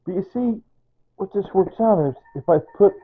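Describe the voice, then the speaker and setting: A man's voice: high-pitched, moderate pace, phone-quality sound, a little hiss or hum. A man chatting loosely while cooking in his home kitchen, rambling and repeating himself as he explains each step. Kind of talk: unscripted cooking video chat.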